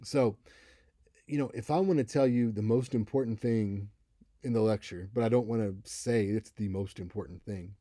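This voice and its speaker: Guy in his 30s teaching a class, laid back, really dark mellow voice, dead dry sound. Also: fairly low pitch, moderate pace, no room sound. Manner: casual, conversational, acts out example voices. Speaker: college instructor. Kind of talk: recorded lecture.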